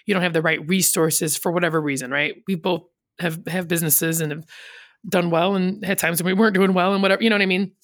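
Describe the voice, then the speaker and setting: A woman's voice: on the low side, fairly even intonation, fast talker, dry recording, studio quality. A woman in casual conversation, rambling and chatty, laughing often and slipping into quoted voices of other people. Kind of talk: casual chat.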